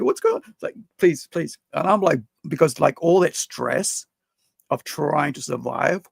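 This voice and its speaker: A man on a podcast telling a personal story in a rambling, halting way, full of fillers. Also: medium pitch, gravelly, husky, no room sound. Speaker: podcast co-host.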